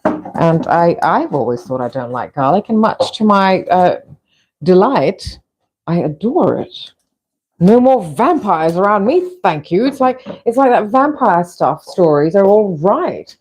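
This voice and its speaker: Woman from fiji chatting over cooking at home, low mellow voice, keeps restarting sentences. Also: very animated, unhurried, husky, poor audio. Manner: rambling, chatty, frequent restarts. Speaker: vlog host. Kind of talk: casual chat while filming cooking. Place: home kitchen.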